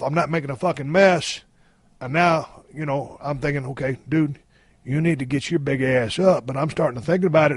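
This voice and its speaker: A man in his fifties spins a long story on his podcast, cursing freely and driving it with blunt energy. His voice sits a bit high for a man and sounds close and dry, with no room around it. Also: no echo. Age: 50s. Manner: profane, blunt, animated storytelling. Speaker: podcast host.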